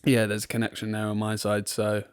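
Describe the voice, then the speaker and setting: A man's voice: on the low side, completely flat delivery, a little fast, smooth, dry recording, clean studio sound. A man from England co-hosting a football podcast, chatting casually and rambling with frequent laughs, recorded in his front room. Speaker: podcast co-host.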